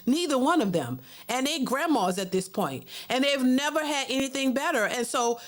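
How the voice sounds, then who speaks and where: A woman's voice: high-pitched, a bit bright. A middle-aged woman hosting a livestream, reading viewer super chats and giving casual, talkative commentary that often repeats words. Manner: chatty, repeats words, mimics others in a mocking voice.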